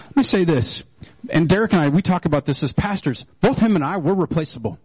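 A middle-aged man delivers a sermon in a high, bright register. His delivery is animated and playful, with quick jokes and big swings in pitch. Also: slightly rough, no echo, poor audio. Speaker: pastor.

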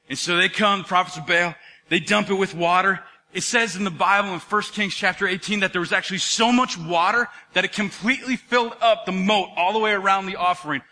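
Animated high-voiced preacher telling a story. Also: male voice, fairly quick. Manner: animated storytelling, acting out voices, swings from shouting to hushed. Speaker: pastor. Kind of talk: sermon.

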